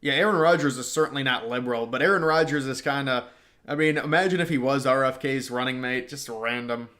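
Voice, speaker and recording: A young man with a mid-range, sharp-toned voice talks a little fast while hosting a casual political livestream. He reads chat and answers loosely in slang, often trailing off.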